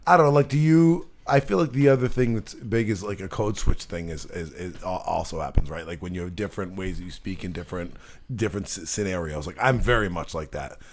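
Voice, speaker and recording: A man's voice: low voice, fairly quick. A married man hosting a casual podcast, talking loosely with plenty of "like" and playing clips to react to. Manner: chatty, many fillers, plays clips to react to. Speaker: podcast host. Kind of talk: casual chat.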